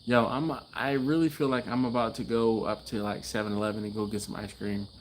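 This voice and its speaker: A man's voice: lowish voice, fairly even intonation, a little fast. A man hosting a casual livestream from his garage, chatting loosely and reading out viewer comments with easy laughs. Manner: laid-back, chatty, laughs often, trails off. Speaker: livestream host. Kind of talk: casual live-stream chat reading comments.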